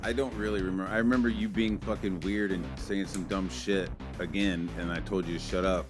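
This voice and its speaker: A man's voice: deep voice, fairly even intonation, brisk, music in the background. A man in a heated online argument, profane, combative and dismissive.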